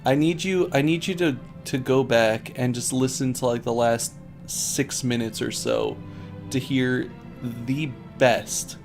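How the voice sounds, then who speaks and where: A man's voice: mid-range voice, measured pace, vocal fry, soft background music. A man on a stream reading bad fan fiction aloud as comedy, often laughing and breaking off to mock the text.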